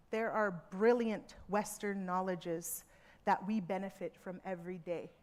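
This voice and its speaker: A woman speaking earnestly to a seminar audience from a theatre stage, measured, with emphatic repetitions. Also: mid-range voice, a little mellow. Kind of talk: reflective public talk.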